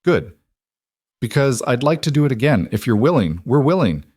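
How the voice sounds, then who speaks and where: A man's voice: mid-range voice, sing-song, normal speed, a little mellow, husky, no room sound, studio quality, voice pushed up. A man voicing a firm, direct businesswoman. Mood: earnest. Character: self-assured woman executive, single, gently nervous. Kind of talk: audiobook dialogue.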